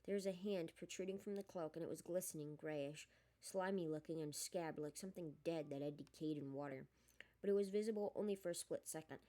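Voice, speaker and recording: A woman reading a novel aloud in a steady storytelling manner. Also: lowish voice. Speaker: audiobook reader. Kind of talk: storybook narration.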